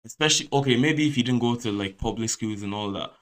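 A man, telling a story on a podcast in a casual, animated way, swearing and laughing as he goes. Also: mid-range voice, fast. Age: 20s. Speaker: podcast host.

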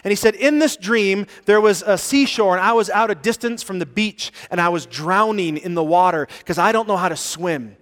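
A male pastor with a high voice delivers a sermon in a church sanctuary. His storytelling is animated, rising loud and then falling to hushed tones for emphasis. The room has a long reverberant tail. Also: moderate pace, few pauses.

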